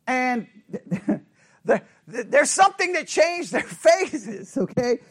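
A man's voice: very high-pitched, sing-song, slow pace, fairly bright tone, slightly rough. A man leading a Bible study class, asking the group questions and repeating phrases over and over for emphasis. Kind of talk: interactive Bible study lesson.

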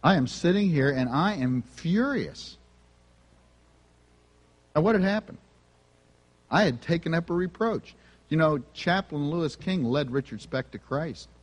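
A man's voice: fairly high pitch, expressive, unhurried, long pauses, big-room sound. A man preaching a sermon, telling personal stories in an earnest, conversational way. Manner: earnest, conversational, self-confessing. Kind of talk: sermon storytelling.

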